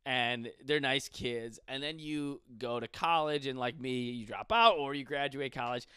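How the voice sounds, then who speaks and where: A man's voice: medium pitch, unhurried, smooth, no echo, studio quality. A man in his twenties, a stand-up comedian from western New York, ranting casually with lots of profanity. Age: 20s. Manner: profane, rambling, animated. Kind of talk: casual podcast rant.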